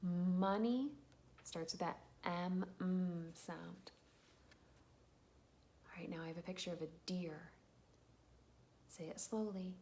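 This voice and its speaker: A woman teacher giving a slow, patient phonics lesson to young children, sounding out letters and cheering them on. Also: lowish voice, steady tone, a little mellow, slight background noise.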